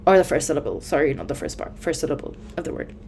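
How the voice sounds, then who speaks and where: A woman's voice: low voice, very animated, fast talker, gravelly, a little mellow, a little hiss or hum. A young woman giving casual exam tips, chatty and full of fillers, often correcting herself mid-sentence. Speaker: student tutor.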